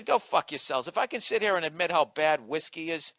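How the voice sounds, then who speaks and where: A man's voice: fairly high pitch, animated, fairly quick, a bit bright, dry recording. Profane, combative male comedian ranting. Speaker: comedian podcast host. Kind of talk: comedic rant.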